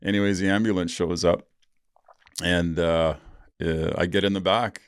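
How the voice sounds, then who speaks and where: A man's voice: low-pitched, fairly even intonation, moderate pace, smooth, no echo, clean studio sound. A man, a podcast host telling a personal story in a blunt, profane way with rueful laughs.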